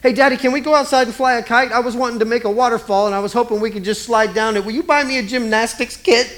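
A preacher voicing an eager little child pleading with a parent for treats. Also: male voice, extremely high pitch, steady tone, quick pace, a bit bright, voice pushed up. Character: eager little child asking dad for things.

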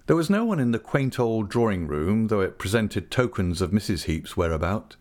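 A man reading a classic novel aloud in an expressive, heartfelt first-person audiobook style. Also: lowish voice, moderate pace. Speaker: audiobook narrator.

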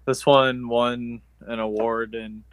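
On a casual video call from a tablet, a man chats in an easygoing, hesitant way, full of ums. His voice is medium-pitched, level in tone, slow, and a bit bright.

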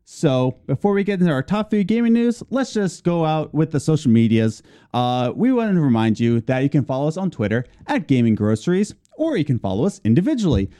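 A man's voice: on the high side, big pitch swings, a little fast, warm tone, clear, resonant tone. A man co-hosting a casual gaming podcast, reading plugs and news with playful, teasing asides. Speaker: podcast co-host.

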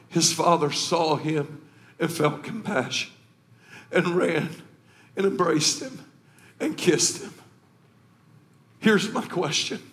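High-voiced preacher. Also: male voice. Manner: swings from quiet to shouting with emotion. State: emotional. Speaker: pastor. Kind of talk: sermon.

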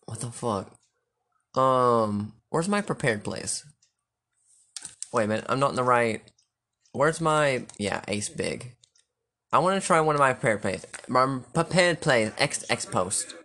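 Profane, excitable young-sounding gamer man. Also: mid-range voice, a little slow, long pauses. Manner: profane, excitable, thinking aloud. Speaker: gamer playing a football video game. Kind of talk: casual gameplay commentary.

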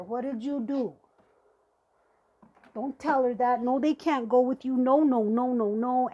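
A Native American woman hosting a podcast delivers an angry, profane rant in a confrontational personal monologue. Her voice sits high and is a little mellow, with a breathy edge.

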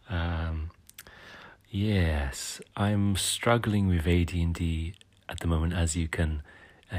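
A man's voice: low voice, darkish tone. A man hosting a podcast, answering listener messages in casual chat, hesitant and full of ums and uhs. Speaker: podcast host.

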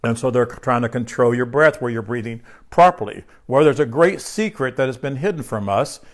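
A man's voice: medium pitch, normal speed. A man preaching a sermon in a conversational way, asking his listeners questions and repeating key phrases. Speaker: pastor.

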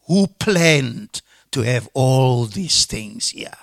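A man preaching a sermon, impassioned, moving between loud shouts and hushed whispers. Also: medium pitch, big pitch swings, slow, vocal fry, no echo, clean studio sound. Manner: speaks in God's voice when quoting.

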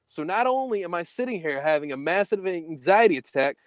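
A young man telling a story in casual podcast chat, profane and animated, acting out the quoted dialogue. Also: high voice, fairly quick, background noise.

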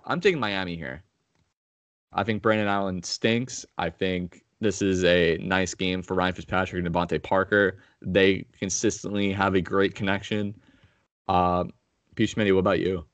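A man's voice: low voice, steady tone, normal speed, dry recording. A man hosting a casual sports betting podcast, blunt and profane, going through picks and calling on his co-hosts. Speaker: podcast host.

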